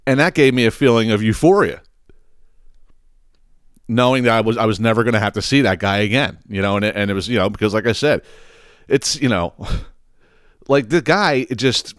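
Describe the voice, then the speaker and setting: A man on a podcast tells stories in a casual, foul-mouthed rush, laughing often and circling back with lots of "you know"s. His voice sits a bit low, and the recording is close and dry with no room sound. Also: moderate pace, long pauses, clean tone, no room sound. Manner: profane, animated, laughs often; many fillers and restarts. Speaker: podcast host. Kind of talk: casual storytelling monologue.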